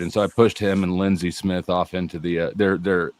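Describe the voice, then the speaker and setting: A man with a very low voice chats in a laid-back way on a call-in panel. He trails off with fillers as he talks, and the sound is dry. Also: little pitch movement, a little fast, darkish tone, no room sound. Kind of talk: casual call-in chat.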